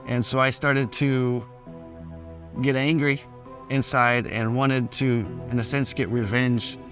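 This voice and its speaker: A man's voice: mid-range voice, flat delivery, takes it slowly, fairly bright tone. A man speaking in a documentary interview about his father's kidnapping, in a reflective, plain-spoken way with some hesitations. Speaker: son of a hostage. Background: faint music.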